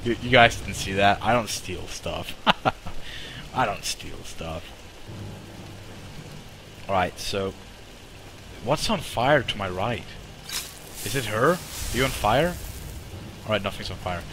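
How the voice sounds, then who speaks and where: A young man streaming a game live, swearing and reacting excitedly while chatting to his viewers. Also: fairly low pitch, takes it slowly, pauses often, slight background noise. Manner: excitable, swears a lot, talks to chat. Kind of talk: live gameplay commentary.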